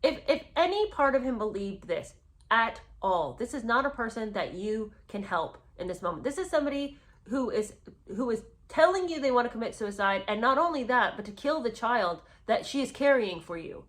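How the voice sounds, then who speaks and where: A woman's voice: on the high side, lively intonation, normal speed. A woman giving sarcastic, incredulous commentary while reading from a memoir. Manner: scornful, incredulous, emphatic.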